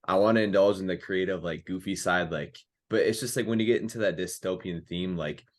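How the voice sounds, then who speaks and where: A man's voice: sits low, fairly quick. A man chatting casually on a movie podcast, hesitant and rambling, full of "like" and "um". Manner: hesitant, full of "like" and "um", restarts often. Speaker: podcast co-host. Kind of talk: casual movie review chat.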